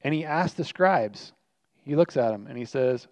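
A man's voice: medium pitch, expressive, normal speed, dry recording. A man preaching a sermon as pastor, earnest and emphatic, repeating his key lines for weight. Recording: dry, slightly muffled recording.

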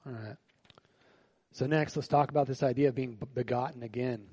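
Husky, mellow-voiced man preaching a sermon. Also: medium pitch, fairly quick, highs cut off. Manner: conversational preaching with frequent rhetorical questions to the congregation; shifts between quiet reflective lines and louder animated bursts. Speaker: pastor. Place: church service.

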